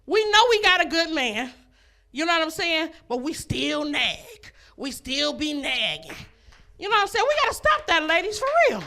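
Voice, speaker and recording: A brash woman doing stand-up into a handheld mic on a club stage. Her voice sits high and bright, swinging widely up and down as she works the crowd, breaking into laughs at her own lines. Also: very animated, moderate pace. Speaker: stand-up comedian. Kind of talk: stand-up comedy set.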